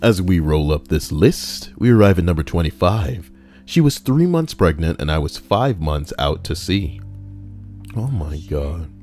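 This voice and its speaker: A man's voice: low-pitched, big pitch swings, unhurried, warm tone, soft background music. A man reading online posts aloud on a casual livestream, breaking off for crude, joking asides.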